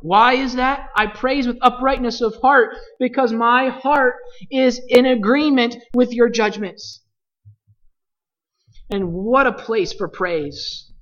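A Bible teacher leading a study, speaking deliberately and putting questions to the class. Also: mid-range voice, a bit bright, dull audio.

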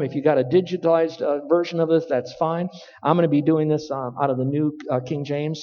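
A male preacher delivers a sermon in an emphatic, deliberate way, drawing out key words for weight. His voice sits a bit high with a mellow tone. The audio is dull and lo-fi, with a long hall reverb. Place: room with stage lights and sound equipment.

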